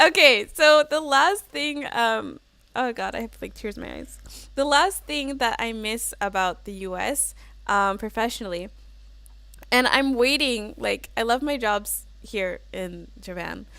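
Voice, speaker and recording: A woman's voice: fairly high pitch, animated, unhurried, creaky, pushed and bright, dry recording. A woman hosting a casual livestream, chatting and giggling as she reads out viewer comments with plenty of "like" and "um.". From United States. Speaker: livestream host.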